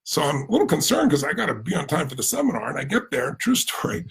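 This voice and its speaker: Husky fast-talking American man. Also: on the high side. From United States. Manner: animated, emphatic, acts out quoted voices. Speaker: motivational speaker. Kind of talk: energetic storytelling speech.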